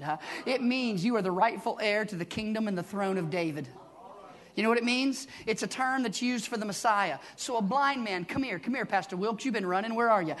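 Male Pentecostal preacher, high bright shouting delivery, congregation audible in the church. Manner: shouting, fervent, rhythmic preaching with "huh?" tags. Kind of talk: Pentecostal sermon. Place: church sanctuary. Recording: live church with congregation behind.

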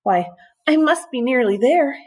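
A woman voicing a determined, cheerful little male snail in a storybook read-aloud, speaking in a bright, sing-song way. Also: high voice, expressive, measured pace, a little hiss or hum, voice pushed up.

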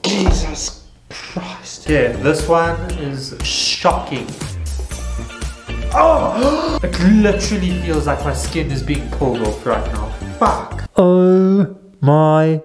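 Excitable swearing young man, slow talker. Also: fairly high pitch, reverberant, music in the background. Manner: excitable, swears a lot, loud outbursts. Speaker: YouTuber. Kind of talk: casual challenge vlog.

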